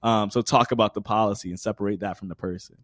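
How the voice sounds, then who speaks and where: A man's voice: lowish voice, fairly even intonation, fast talker, dry recording, studio quality. A man in his twenties, a podcast guest, talking earnestly in an interview and explaining with everyday examples. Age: 20s. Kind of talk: conversational interview.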